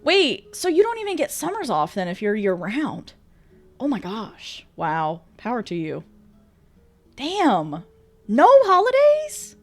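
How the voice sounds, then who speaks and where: A woman's voice: mid-range voice, big pitch swings, measured pace, faint music behind. A woman streamer chatting casually with viewers, bubbly, laughing often and swearing freely. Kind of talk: casual chat reading viewer messages.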